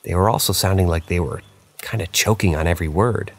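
A man narrating true paranormal stories aloud, reading in a plain, unhurried way with small slips. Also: low voice. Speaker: story narrator.

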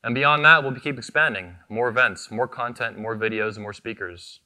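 At normal speed, a man with a pushed, bright mid-range voice delivers a fiery keynote on stage into a microphone. As the convention's founder, he is combative and profane, hammering short repeated phrases.

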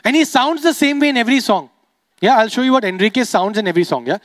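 A young man with an Indian accent doing stand-up comedy, animated and teasing the audience. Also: very high-pitched, fast talker, dry recording, studio quality. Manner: animated, teases the audience, switches into voices.

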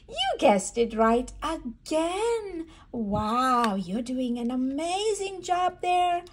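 Slow sing-song woman reading to toddlers. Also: high voice. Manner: slow, sing-song, animated, imitating animal sounds. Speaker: storybook reader for toddlers. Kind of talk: read-aloud for babies.

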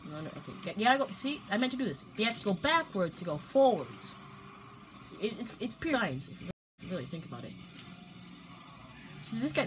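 A young woman commentating her own gameplay, playful and prone to loud outbursts and strings of repeated protests. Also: mid-range voice, rough recording. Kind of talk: excited gaming commentary.

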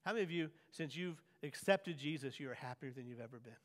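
A man preaching a sermon as pastor, swinging from hushed lines to loud, drawn-out emphasis. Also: fairly high pitch, lively intonation. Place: church sanctuary. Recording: long church hall reverb.

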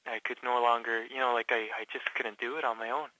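A man from Canada speaks in a bright, sharp voice that stays flat in pitch, stumbling through fillers and restarts as he tells his story. The sound is dry and close, with no room around it. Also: no room sound, poor audio. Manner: halting, many fillers and restarts. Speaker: patient guest. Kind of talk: casual interview.

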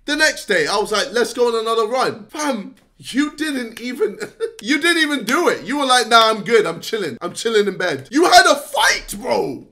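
A man ranting straight to camera in a frustrated, scolding way, sometimes shouting and laughing between points. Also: extremely high pitch. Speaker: YouTuber. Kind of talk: direct-to-camera rant.

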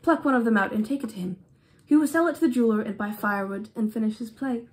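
A woman voicing a sorrowful, kind statue prince in a storybook reading, earnest and gently commanding, with an affected English-style accent. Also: a little high, quick pace, natural voice.

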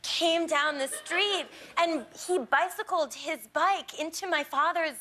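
A woman in her thirties telling a comic story as a talk show guest, animated and giggly, acting out the voices of people in it. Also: very high voice, slow pace. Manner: animated, giggly, acts out quotes. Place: TV studio with audience.

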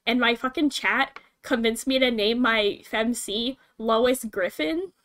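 A woman's voice: a little high, slow, a bit bright. A woman streamer chatting casually, giggling often and rambling from one thought to the next. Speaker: streamer host. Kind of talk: casual chat.

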